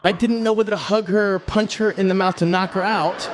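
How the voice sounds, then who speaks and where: High-voiced, animated stand-up comedian man. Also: fairly quick, noisy background. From Brazil. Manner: animated, exclaiming, swearing. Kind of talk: stand-up storytelling.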